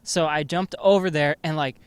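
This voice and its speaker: A man's voice: on the high side, fairly even intonation, normal speed, clear, resonant tone. Young man swearing through rambling stories. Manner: rambling storyteller, swears a lot. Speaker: podcast host. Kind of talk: casual chat.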